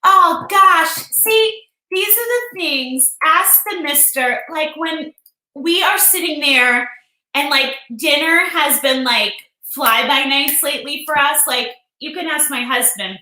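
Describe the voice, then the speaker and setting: A woman hosts a casual live stream from home, chatty and openly emotional as she greets viewers one by one. Her voice sits high and sounds bright. The room adds a noticeable echo. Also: expressive, measured pace. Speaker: livestream host. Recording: echoey room.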